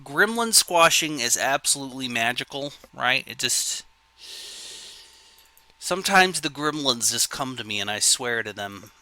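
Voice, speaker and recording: A man's voice: mid-range voice, lively intonation, a little slow, pushed and bright, no room sound. A man streaming games live, muttering in frustration as his setup keeps failing. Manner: frustrated muttering over technical trouble. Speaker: game streamer.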